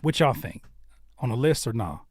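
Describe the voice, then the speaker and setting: A mid-pitched man talks through viewers' songs in a laid-back, slangy livestream critique. He thinks out loud, restarting sentences as he goes. His voice sounds dry and close to the mic. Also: big pitch swings, moderate pace, no room sound. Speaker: host reviewing viewer music on a livestream.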